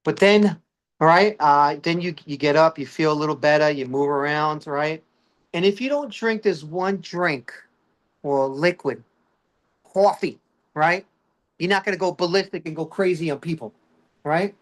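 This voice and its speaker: A man with a Brooklyn accent doing a stand-up comedy routine, animated and chatty, peppering his talk with "all right" as he addresses the audience. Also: a little high, moderate pace. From Brooklyn, New York.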